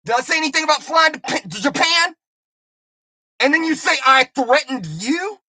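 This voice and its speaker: A woman rants into her camera, confrontational and full of curses. Her voice is bright and tense, with a lively pitch that jumps around. The sound is dry and close. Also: a little fast, no echo. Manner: profane, confrontational, taunting. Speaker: YouTuber. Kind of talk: angry video rant.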